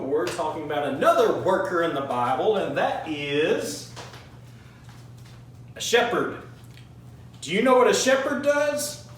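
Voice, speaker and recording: A man leading a children's Bible class, singing songs and having the kids repeat a verse after him in a slow, encouraging way. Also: high-pitched, fairly bright tone, a little hiss or hum. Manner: slow, encouraging, leads call-and-response. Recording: roomy echo from a distance with faint music.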